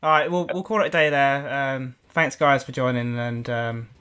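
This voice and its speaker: A man hosting a casual podcast, relaxed as he wraps up the chat. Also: medium pitch, normal speed, clear, resonant tone. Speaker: podcast host.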